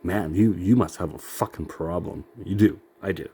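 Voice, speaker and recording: A man's voice: sits low, moderate pace, mellow, a little hiss or hum. A middle-aged man rambling in a profane, self-critical monologue, laughing often and sounding worn out.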